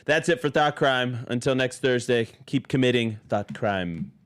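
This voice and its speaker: A man hosting a podcast in casual political chat, speaking emphatically and with indignation, and quick to laugh. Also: medium pitch, very noisy. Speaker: podcast host. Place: podcast studio.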